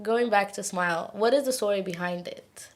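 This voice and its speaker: A woman hosting a casual podcast chat, giggly and quick to react. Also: medium pitch. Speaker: podcast host.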